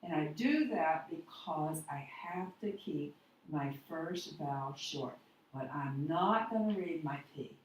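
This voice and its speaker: Slow, deliberate woman teaching phonics. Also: low voice, lively intonation. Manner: slow, deliberate, spells out letters one by one. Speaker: reading teacher. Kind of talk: phonics lesson at a board. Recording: echoey room, voice from a distance, faint noise.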